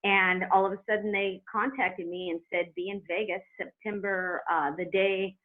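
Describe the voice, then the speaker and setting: A woman's voice: medium pitch, moderate pace. Chatty middle-aged woman over a phone line. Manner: chatty, animated storyteller who laughs as she talks. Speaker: guest, former wrestler. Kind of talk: telling a story in an interview.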